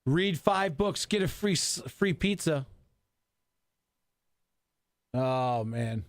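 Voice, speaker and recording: A man's voice: a little high, animated, very slow. A man in his forties in loose, profane, rambling chat on a radio talk show. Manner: profane, rambling banter with restarts. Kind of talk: casual chat.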